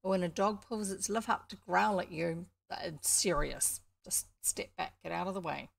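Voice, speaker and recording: A woman's voice: fairly low pitch, steady tone, measured pace, creaky. A woman with a New Zealand accent reading a children's book aloud, stopping for chatty, explanatory asides. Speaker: storybook reader.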